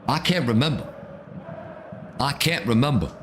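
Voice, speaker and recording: A man doing live football reaction commentary as a watch-along streamer, excitable and ranting, often repeating himself. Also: mid-range voice, moderate pace, noisy background.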